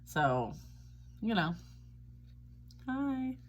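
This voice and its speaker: A woman's voice: a little high, very animated, very slow, lo-fi sound. A woman giving a casual tarot reading, chatty and reassuring, often checking in with "all right?". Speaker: tarot reader.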